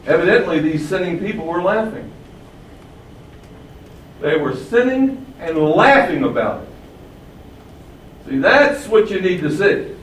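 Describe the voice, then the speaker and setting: A man's voice: high voice, big pitch swings, slow, pauses often. A man preaching a sermon with some lift in his voice, pushing up on the words he wants to land. He sounds distant from the mic, in a roomy, echoing space with a faint hum of ambience behind. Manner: emphatic, rising for key phrases.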